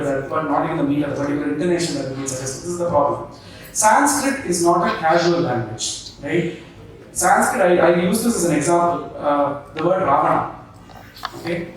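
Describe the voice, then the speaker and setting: A man's voice: on the high side, a little hiss or hum. A man giving a talk to an audience, teaching and checking in with "okay?" and "right?". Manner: leads the audience through movement drills. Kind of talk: public talk and panel answer. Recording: very echoey hall, distant mic.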